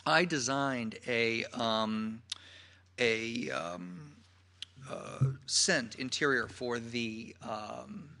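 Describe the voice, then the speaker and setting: A man's voice: medium pitch, very slow, bright, forceful tone. A man giving a public talk as a perfume critic, an effusive storyteller who piles on gushing adjectives.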